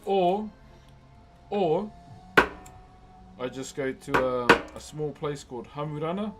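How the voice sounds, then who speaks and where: A relaxed man with a New Zealand accent chats with his stream audience while he carves, calling everyone bro. His voice sits a little higher than most men's. Music plays clearly in the background. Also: slow pace, poor audio. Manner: laid-back, calls everyone bro. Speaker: wood carver live-streaming. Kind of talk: casual live-stream chat with viewers. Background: music playing.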